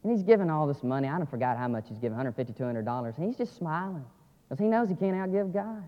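A man preaching a sermon, dropping to quiet asides and rising to loud, emphatic climaxes. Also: expressive, racing. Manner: swings from low asides to shouted climaxes. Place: church sanctuary. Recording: lo-fi audio with long church reverb.

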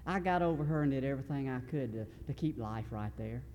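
A man's voice: mid-range voice, animated, quick pace, darkish tone, slight background noise. A man preaching a sermon in a large hall. He speaks earnestly in a folksy way and often restarts his sentences. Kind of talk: sermon storytelling.

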